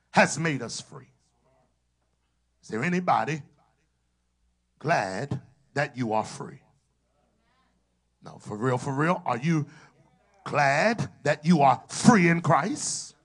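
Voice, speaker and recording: Slow husky preacher man. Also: on the high side, expressive. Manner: preacher's call and response, drawn-out shouted scripture. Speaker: pastor. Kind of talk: sermon.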